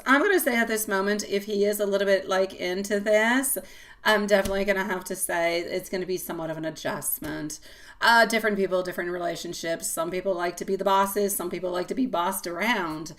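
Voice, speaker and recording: A woman hosting a live tarot reading, talking casually and warmly to viewers and calling them sweetie pie, with many fillers and frequent laughs. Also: medium pitch, a little fast. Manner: chatty and affectionate, calls viewers sweetie pie; laughs often, loose rambling talk with fillers.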